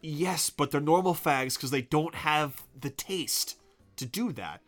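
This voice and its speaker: A man with a bright, forceful voice talks in a loose, profane podcast chat. He is blunt and opinionated, and trails into fillers while he thinks. Faint music plays underneath. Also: a little high, takes it slowly. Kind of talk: casual podcast chat about anime.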